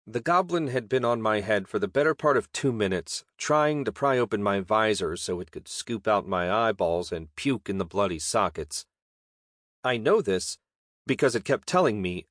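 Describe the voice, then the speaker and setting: A man reads a fantasy story in a wry, deadpan voice. His tone sits low and steady. The sound is close and dry, with no room around it. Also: moderate pace, no echo. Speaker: narrator. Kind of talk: audiobook narration.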